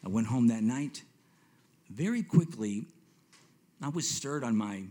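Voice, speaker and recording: A man in his fifties telling his personal faith testimony to a congregation, swinging between hushed reflection and excited retelling, often repeating himself. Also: medium pitch, unhurried. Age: 50s. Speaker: speaker giving a testimony.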